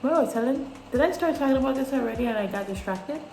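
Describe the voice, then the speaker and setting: Animated young woman chatting in an echoey room. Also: sits high, quick pace, vocal fry. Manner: animated, swearing, laughing often. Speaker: vlogger. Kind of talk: casual chat. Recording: echoey room with faint music.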